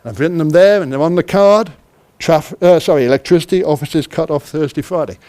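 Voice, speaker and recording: Man with a high voice leading a hands-on workshop session; keeps asking the audience questions. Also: brisk, warm tone. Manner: quizzes the audience and acts out little dialogues. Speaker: conference speaker, project manager. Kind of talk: interactive workshop talk.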